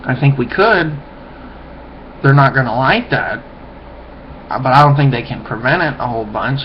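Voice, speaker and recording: A man's voice: medium pitch, lively intonation, moderate pace. A man rambling through a loose, profane webcam monologue, often trailing off and mumbling. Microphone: webcam mic. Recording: dull lo-fi webcam audio, faint hiss.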